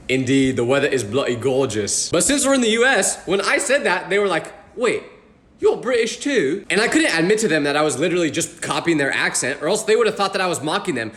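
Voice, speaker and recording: A young man telling funny stories from his life, acting out quotes in a fast, exaggerated comic manner. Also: high voice. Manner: fast, animated, exaggerated retelling with acted-out quotes. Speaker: comedy storyteller. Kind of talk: comedic storytime monologue. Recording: echoey room.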